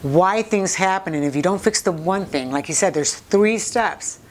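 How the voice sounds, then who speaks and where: A woman's voice: fairly low pitch, normal speed. A woman co-hosting a casual talk show with her husband, chatty and earnest. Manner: chatty, laughs easily, earnest. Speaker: co-host. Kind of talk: casual chat.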